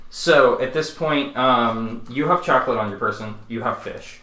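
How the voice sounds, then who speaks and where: A man's voice: mid-range voice, normal speed, sharp tone. A man narrating as game master in a casual tabletop game, talking loosely with many fillers. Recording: echoey room, distant single mic, faint hum.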